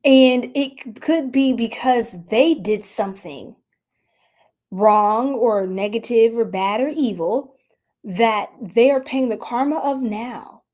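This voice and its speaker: A young adult woman giving a casual tarot reading, chatty, laughing often and dropping into soft whispers. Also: fairly high pitch, takes it slowly. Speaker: tarot reader.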